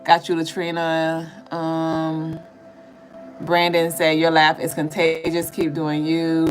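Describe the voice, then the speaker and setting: A woman's voice: low voice, monotone, slow pace, rough recording. A woman hosting a casual livestream tarot reading, reading viewer comments aloud and answering them in a loose, chatty way with fillers and the odd swear word. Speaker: livestream spiritual reader and host. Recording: music bed under the voice. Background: music playing under the voice.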